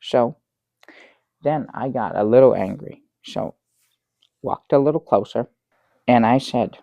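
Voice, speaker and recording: An actor playing a bumbling middle-aged guest who rambles through a tall tale with many restarts, in improvised sketch comedy. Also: male voice, medium pitch, unhurried, creaky, mellow, no echo. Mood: dry, halting. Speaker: guest on a comedy talk show.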